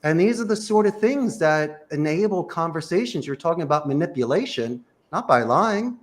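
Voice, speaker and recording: A man's voice: on the high side, expressive, normal speed. A man giving emphatic, punchy sales coaching in a panel conversation. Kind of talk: energetic advice in a panel chat.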